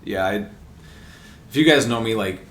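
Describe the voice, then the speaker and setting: On this podcast, a male co-host with a lowish, fairly bright voice runs through soccer transfers at normal speed with lively intonation. His delivery is relaxed and eager, broken up by frequent laughter, and the room echoes with a little faint noise.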